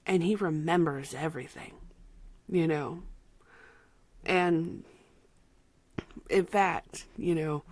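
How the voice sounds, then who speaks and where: A woman reviewing an album, speaking from the heart and close to tears, sometimes dropping to a soft whisper. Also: low voice, slow pace, long pauses, no room sound. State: emotional, near tears. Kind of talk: emotional personal vlog talk.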